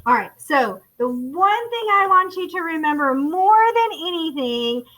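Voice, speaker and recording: A woman's voice: extremely high pitch, very animated, a little slow, pushed and bright, rough recording. A woman from the United States, teaching a first grade phonics lesson in an encouraging way, calling the children friends. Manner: encouraging, calls listeners friends. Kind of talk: recorded classroom lesson.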